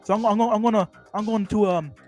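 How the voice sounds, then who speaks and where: A man's voice: high-pitched, fairly quick, soft background music, pitched above the performer's own voice, lightly acted. A man mocking a smug robotic money-chaser. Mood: smug, scheming. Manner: stiff robotic delivery, ends lines with "mate". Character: smug money-hungry male online creator, robotic.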